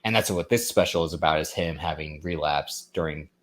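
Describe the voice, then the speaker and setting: A man with a very low, deep voice talks loosely as a podcast co-host. He rambles through stories, full of likes and ums. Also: fairly quick. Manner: rambling, retells stand-up bits with many likes and ums. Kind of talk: casual chat.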